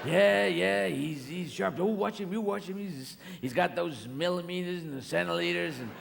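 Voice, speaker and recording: A man playing a loud, boastful American man ranting against something new. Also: sits high, moderate pace, creaky. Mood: blustering. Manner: shouting, boastful. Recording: echoey live theatre hall with ambient noise.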